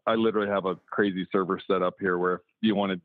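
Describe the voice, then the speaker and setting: A man's voice: low-pitched, little pitch movement, rapid-fire, no room sound, phone-quality sound. A man from the American South chatting casually on a podcast, with many fillers and restarts as he rambles through stories. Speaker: remote guest, motocross videographer.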